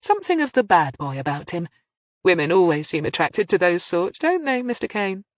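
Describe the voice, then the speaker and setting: A narrator voicing a shrewd woman police inspector who asks crisp, probing questions. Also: fairly low pitch, big pitch swings, moderate pace, dry recording.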